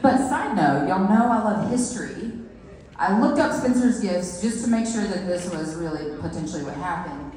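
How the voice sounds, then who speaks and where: A woman's voice: on the low side, lively intonation, moderate pace, darkish tone. A woman in her thirties telling playful stand-up stories, chatting straight to the crowd on a comedy club stage. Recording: echoey live room with long reverb.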